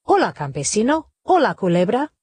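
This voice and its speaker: A woman's voice: medium pitch, big pitch swings, fairly quick, a little mellow, breathy edge, no echo. A woman voicing a weary, hardworking male donkey who complains resignedly, in a storybook play.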